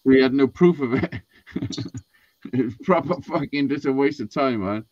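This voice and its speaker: A man with a mid-range voice and moderate pace tells a rambling, swearing-filled story in a laid-back podcast conversation, acting out people's quotes with animation. There's no room sound, and the recording is dull and lo-fi.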